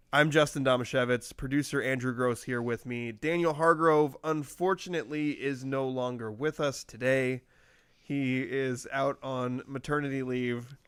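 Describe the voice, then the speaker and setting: A man's voice: mid-range voice, fairly bright tone, clear, resonant tone, no echo, studio quality. A man hosting a casual sports podcast, joking and rambling, with frequent laughs. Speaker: podcast host.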